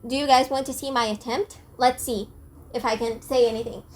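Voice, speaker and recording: A woman's voice: sits high, fairly even intonation, fairly quick. A young woman narrating a casual video essay, chatty with lots of "like" and self-conscious asides. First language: not French. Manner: chatty, frequent "like", apologetic about pronunciation.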